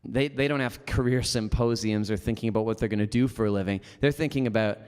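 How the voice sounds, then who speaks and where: A Canadian motivational speaker gives a storytelling keynote in a large hall before an audience. His lowish, clear, resonant voice moves fast. He tells lively, casual stories loaded with "like" fillers.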